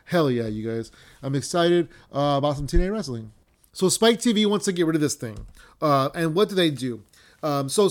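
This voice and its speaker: A young man hosting a wrestling podcast, ranting casually with lots of swearing, fillers and restarts. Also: fairly high pitch.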